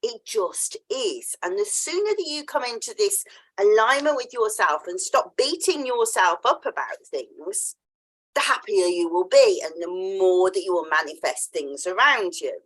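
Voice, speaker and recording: Telling a story in a relaxed podcast interview she's hosting, this woman acts out the voices of the people she quotes and laughs a lot. She speaks at a normal speed in an animated, mid-range voice with a fairly bright tone.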